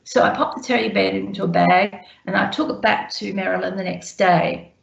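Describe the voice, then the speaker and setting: A woman with a strongly gravelly voice tells stories from her care work, acting out the conversations as she goes. She speaks over a video call that sounds roomy and echoey. The audio is dull and muffled. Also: mid-range voice, fairly quick. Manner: lively storyteller acting out remembered conversations. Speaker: guest speaker sharing care experiences. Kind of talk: anecdotal storytelling on a webinar.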